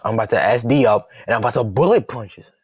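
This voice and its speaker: A young man giving casual, jokey play-by-play of his own game, thinking aloud and reacting loudly to each turn. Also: medium pitch, fast talker, breathy edge, dry recording. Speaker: gaming commentator.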